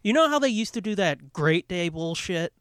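A man co-hosting a podcast in casual chat, hyper and fast-talking, swearing constantly. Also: high voice, lively intonation, fairly bright tone, clear, resonant tone, no room sound, studio quality. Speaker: podcast co-host.

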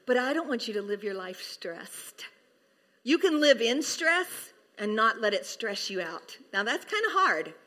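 A high, bright-voiced middle-aged woman delivers a sermon. She drops to soft near-whispers, then climbs into high, laughing excitement. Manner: animated, swings from soft hushed tones to high laughing bursts. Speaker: pastor's wife preaching.

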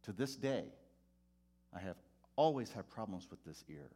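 A middle-aged man, a preacher, telling his own story to an audience, swinging from hushed to loud. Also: lowish voice, animated, moderate pace.

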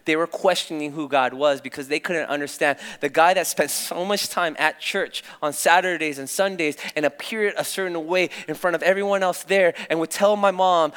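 In a church with long hall reverb, a young adult youth pastor preaches a sermon, telling stories candidly and with animation. His fairly high, fairly bright voice is clear and resonant, moving at a moderate pace with hardly any pauses.

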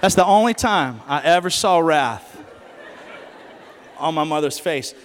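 Animated male preacher, high voice, joking storyteller, echoey church hall, faint music. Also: a little slow, slight background noise. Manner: animated, joking, asks the crowd questions. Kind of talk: sermon with humorous stories.

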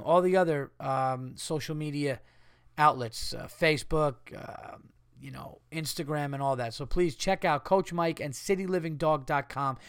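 A fairly high-voiced American man in his thirties rants through a comedic podcast monologue, swearing freely and sounding exasperated. The sound is dry and close, with no room around him. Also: fairly bright tone, smooth, no echo. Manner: profane, ranting, exasperated. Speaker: podcast host.

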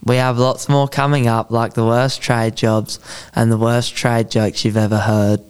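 A man's voice: mid-range voice, flat delivery, a little slow, clean tone. A teenage man co-hosting a student podcast, reading prepared links evenly.

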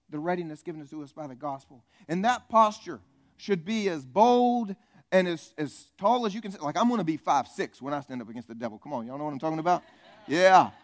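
A man preaching a sermon to a live church congregation, full of energy and jokes that he aims straight at the crowd. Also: high-pitched. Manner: energetic, joking, calls out to the congregation. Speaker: pastor.

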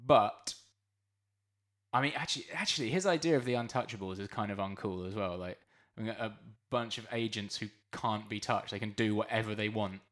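A man's voice: lowish voice, a little fast, fairly bright tone. A man co-hosting a podcast in casual chat, joking and swearing freely. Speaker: podcast co-host.

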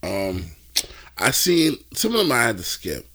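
A man co-hosting a casual podcast chat, talking in slang, halting and repeating himself. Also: mid-range voice, wildly swooping pitch, fairly bright tone. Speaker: podcast co-host.

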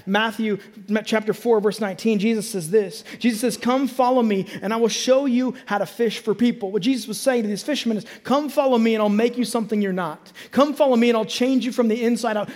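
A man with a very high voice preaches a lively sermon to his congregation. He fires rhetorical questions at the crowd and builds to emphatic peaks. His words ring out with a long reverb across the church hall. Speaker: pastor.

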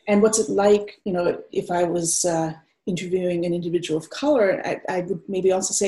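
A woman therapist, a guest in an interview, explaining in a gentle, earnest way. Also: on the low side, fairly even intonation, a little fast, hardly any pauses. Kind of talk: conversational interview.

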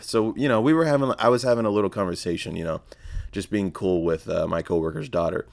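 A man's voice: on the low side, fast, dry recording. A young man hosting a casual solo podcast, rambling and sarcastic, with frequent swearing and self-corrections. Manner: profane, rambling, sarcastic asides. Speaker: podcast host.

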